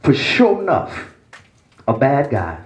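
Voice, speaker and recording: A man's voice: huge pitch swings, takes it slowly, echoey room, low-quality recording. A man, a pastor, preaching a sermon with emphatic, dramatic delivery. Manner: emphatic, dramatic swings between low and raised delivery. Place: church.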